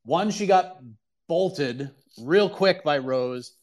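A man's voice: on the high side, lively intonation, takes it slowly, darkish tone. A man hosting a casual sports talk call-in show, opinionated and emphatic, often repeating himself for emphasis. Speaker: podcast host answering callers.

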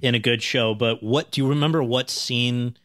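A man's voice: mid-range voice, fairly even intonation, normal speed, fairly bright tone, dry recording, clean studio sound. A man hosting an interview who asks long, winding questions full of restarts. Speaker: interview host.

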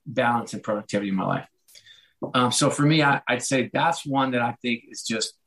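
A man's voice: mid-range voice, low-quality recording. A middle-aged man, an author, talking in a casual podcast interview, chatty and self-deprecating, acting out what others said to him. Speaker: author and guest.

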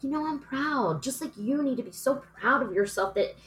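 A woman in her forties, an actress and producer, telling animated, emotional stories in a casual podcast chat. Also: high-pitched, normal speed. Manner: chatty storyteller, emotional and animated.

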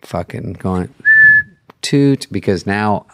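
Speaking slowly in a lowish voice, a middle-aged late-night host sits in as a guest on a podcast. He chats loosely, telling lively stories and acting out what people said.

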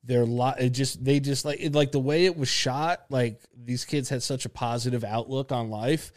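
A man's voice: mid-range voice, steady tone, normal speed. Young male co-host, slangy and laid-back, swears freely. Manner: slangy, profane, easygoing. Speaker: podcast co-host. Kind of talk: casual chat.

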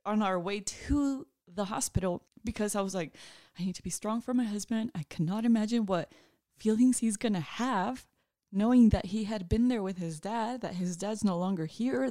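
A woman's voice: mid-range voice, a little mellow, dry recording. Woman co-host, dry close sound. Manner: responsive, affirming listener. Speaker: podcast co-host. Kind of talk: casual conversation.

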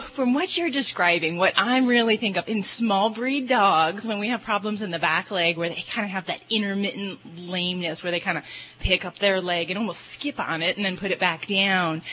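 A woman's voice: medium pitch, sharp tone, husky. A woman veterinarian answering listener questions on a call-in radio show, explaining at length with frequent ums. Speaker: veterinarian guest.

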